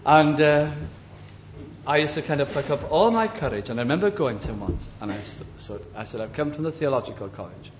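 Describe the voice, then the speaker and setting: Gentle older man preaching, halting. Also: fairly high pitch, animated, highs cut off, slight background noise. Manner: gentle, halting, with many fillers and restarts. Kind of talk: reminiscing sermon.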